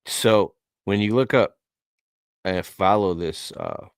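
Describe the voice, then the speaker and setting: Earnest low-voiced man. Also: animated, slow pace, gravelly, clear, resonant tone, no room sound. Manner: earnest and emotional, with casual slang. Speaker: podcaster telling a personal story. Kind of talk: casual heartfelt talk.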